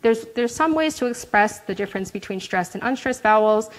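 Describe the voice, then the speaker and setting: A woman's voice: on the high side, lively intonation, fairly quick, low-quality recording. Woman giving an academic research talk. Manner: explanatory, frequent "right?" check-ins and "um" fillers. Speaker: academic presenter.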